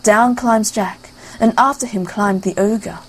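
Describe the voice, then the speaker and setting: A woman reads a fairy tale aloud in a lively storybook manner. Her voice is breathy and husky, set at a middle pitch. She tells the tale steadily, with rhythmic repetition. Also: measured pace, rough recording. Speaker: narrator. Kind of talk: storybook narration.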